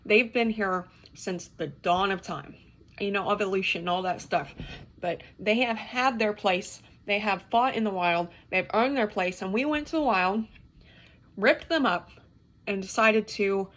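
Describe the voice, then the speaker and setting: Exasperated young woman, vlog rant, mid pitch, profane, choppy restarts. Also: unhurried, fairly bright tone. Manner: exasperated, swearing, talks in restarts. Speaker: reptile keeper. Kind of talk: ranting to camera.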